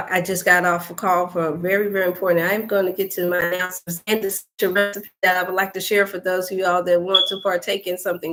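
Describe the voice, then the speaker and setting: A woman's voice: on the low side, a bit bright. A woman hosting a casual wellness livestream, talking chattily and directly to her viewers. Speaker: wellness coach and host.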